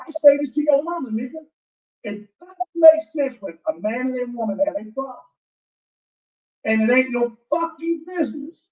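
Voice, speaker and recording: A man ranting defensively in a played video clip, rambling and profane. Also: very high voice. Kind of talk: angry video rant. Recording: dull, roomy audio from a distance.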